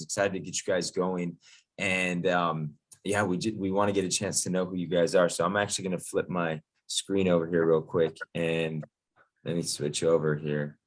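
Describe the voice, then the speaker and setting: A man's voice: low-pitched, fairly bright tone. A man as a DJ instructor, leading a casual online workshop in an upbeat, chatty, jokey way over a video call.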